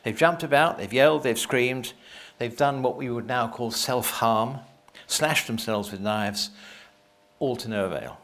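A man's voice: mid-range voice, measured pace, fairly bright tone. A man reading a Bible passage aloud and breaking off for conversational, wry asides. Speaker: Bible teacher.

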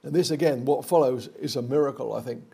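A man's voice: mid-range voice, fast talker, creaky, dark tone, slightly rough. An older man preaching a sermon, earnest and digressive, with many fillers and restarts.

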